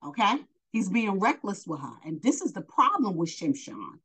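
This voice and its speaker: A woman's voice: mid-range voice, sing-song, moderate pace, a bit bright, husky, rough recording. A woman from New York giving a Bible lesson, reading verses and then retelling them in blunt everyday slang, asking the listener questions and answering them herself. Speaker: Bible teacher.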